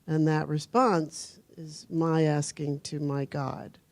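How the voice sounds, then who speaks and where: Brief: attendee, unhurried and thoughtful, dry close-miked sound. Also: mid-range voice, little pitch movement, a little mellow, no echo. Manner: slow, thoughtful, searching for words. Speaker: workshop attendee sharing. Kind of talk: personal sharing at a recovery meeting.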